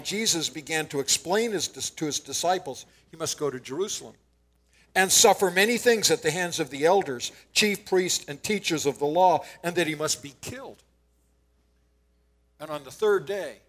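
A man's voice: high voice, fairly bright tone, rough recording. A man preaching a sermon in an earnest teaching manner, quoting scripture with occasional stammered restarts.

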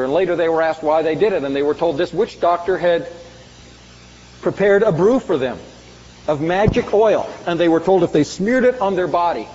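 Emphatic high-voiced male preacher in a reverberant hall. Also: a little mellow. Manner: emphatic preaching, dramatic swings in pitch and volume. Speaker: pastor. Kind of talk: sermon. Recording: muffled sound with long hall reverb.

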